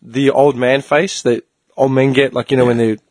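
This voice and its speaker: A man's voice: mid-range voice, little pitch movement, normal speed, a little mellow. A man chatting casually on a podcast, blunt and swearing. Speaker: podcast co-host. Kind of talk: casual chat.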